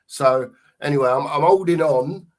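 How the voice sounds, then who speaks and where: A man's voice: a little high, moderate pace. A man co-hosting a casual fan chat show, matey and rambling, full of fillers. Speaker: podcast co-host.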